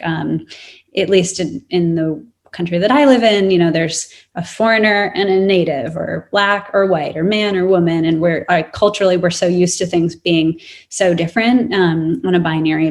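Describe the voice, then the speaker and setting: Gravelly-voiced woman artist on a panel. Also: lowish voice. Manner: thoughtful, frequent ums. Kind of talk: panel discussion answer.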